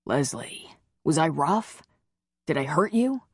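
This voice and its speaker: A woman doing a tender, reassuring man who speaks low and soft. His voice is slightly husky and close, with a dry sound. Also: sing-song, slow, no echo, heavily acted.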